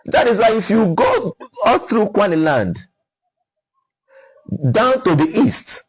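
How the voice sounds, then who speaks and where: Poor audio captures a middle-aged guest from Ukwuani, Delta, Nigeria, whose high voice sounds slightly rough. With a Nigerian accent, he explains in a lecturing way and sounds out sample words.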